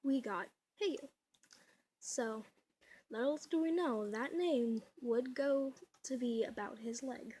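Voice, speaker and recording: Breathy young woman chatting on camera. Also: a little high, slow pace, darkish tone. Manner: chatty, giggly, rambling with many fillers. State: voice a little off. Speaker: vlogger. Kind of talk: casual home vlog. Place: at home indoors. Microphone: camera mic.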